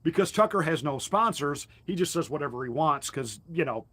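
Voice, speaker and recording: A man's voice: on the high side, lively intonation, fairly quick, fairly bright tone, breathy edge. A male pastor delivering a combative, mocking political commentary monologue with emphatic jabs.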